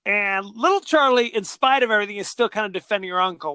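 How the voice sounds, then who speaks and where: A man's voice: high-pitched, fast talker, hardly any pauses, pushed and bright, clean tone, dry recording. A man co-hosting a podcast, chatting casually about a film and animatedly retelling scenes. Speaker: podcast co-host.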